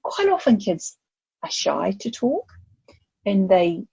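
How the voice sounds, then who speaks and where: An older woman, a grandmother, speaking as a guest on a podcast and telling stories with lively acted-out voices. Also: mid-range voice, slow pace, creaky, breathy edge, no room sound, highs cut off. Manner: animated storytelling, acts out voices. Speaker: guest expert. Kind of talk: podcast conversation.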